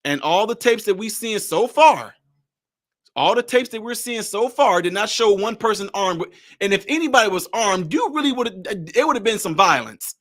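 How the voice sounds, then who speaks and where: A man's voice: high voice, expressive, moderate pace, fairly bright tone. A man giving casual, sarcastic reaction commentary, repeating himself and exclaiming. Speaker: political commentary host.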